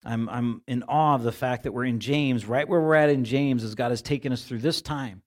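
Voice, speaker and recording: This medium-pitched male preacher keeps a moderate pace as he gives a sermon from the sanctuary. He speaks like he's having a conversation, circling back over words while he works out how to phrase things.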